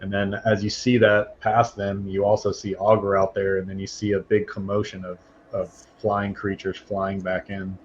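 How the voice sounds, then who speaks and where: A male game master narrates a tabletop game in a low, flat voice, often hesitating and filling pauses. The recording is dull and lo-fi with a faint hiss underneath. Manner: hesitant, many fillers.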